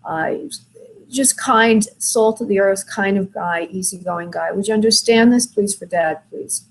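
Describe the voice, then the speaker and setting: A woman hosting a call-in show as a spirit medium, talking gently and soothingly to callers, with many fillers. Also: mid-range voice, a little slow, rough recording. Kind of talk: call-in reading, soft and consoling.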